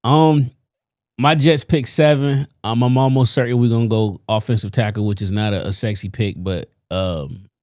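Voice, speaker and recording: A man's voice: medium pitch, fairly even intonation, normal speed, darkish tone, no echo, clean studio sound. A young man hosting a podcast in a casual, joking manner. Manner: laid-back, joking, calls people on speakerphone. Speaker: podcast host. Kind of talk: casual chat.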